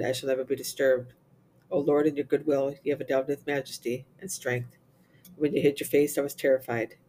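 A man reciting the Divine Office, reading psalms and lessons in English with Latin responses, in a steady, even recitation. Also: medium pitch, a little hiss or hum. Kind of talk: reciting liturgical prayer and psalms.

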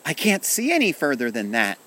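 A man voicing a dreamy, wishful little boy in a storybook reading, his voice lifted higher and eager. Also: sing-song, moderate pace, pushed and bright. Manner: eager, raised and wondering.

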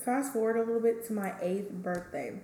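A woman's voice: fairly high pitch, fairly quick, dark tone. A young woman co-hosting a podcast, telling childhood stories in a giggly, slangy way. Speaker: podcast co-host. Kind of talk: casual chat. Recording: echoey room with faint background noise.

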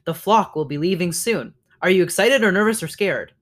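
A man's voice: high-pitched, animated, fairly quick, fairly bright tone. A man voicing a young male gosling, earnest and a little nervous, in a storybook reading.

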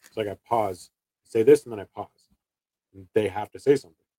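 A man in his thirties talks casually about his sales work. His voice is low and mellow. He rambles and restarts his sentences, and the sound is dry and close. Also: fairly quick, dry recording, rough recording. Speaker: door-to-door salesman. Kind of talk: casual chat.

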